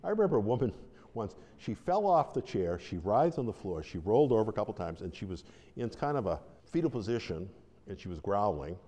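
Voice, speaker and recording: A man's voice: fairly low pitch, big pitch swings, brisk, mellow. A man who is a deliverance minister, giving an informal, conversational teaching talk with restarts and stories. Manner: conversational, rambling, with restarts and acted-out quotes. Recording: long hall reverb.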